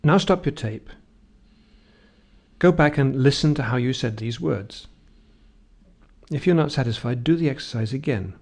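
A man's voice: mid-range voice, lively intonation, darkish tone. A man teaching pronunciation, reading word lists. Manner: slow, deliberate, carefully enunciated words. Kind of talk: slow instructional audio for learners.

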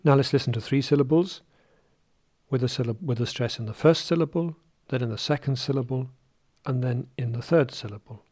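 A man teaching English word stress in a deliberate, carefully articulated way, modelling words for learners to repeat. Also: mid-range voice, a little mellow. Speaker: pronunciation teacher. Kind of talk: slow, clearly spoken pronunciation lesson.

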